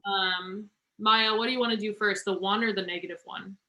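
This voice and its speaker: A woman tutoring students through a math problem online, encouraging them and talking through each step slowly. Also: mid-range voice, steady tone, noisy background.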